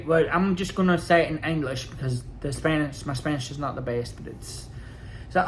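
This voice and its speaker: A man recounting his experience in a rambling, aggrieved way, halting with fillers. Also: fairly high pitch, slight background noise. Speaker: vlogger. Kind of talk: casual personal storytelling.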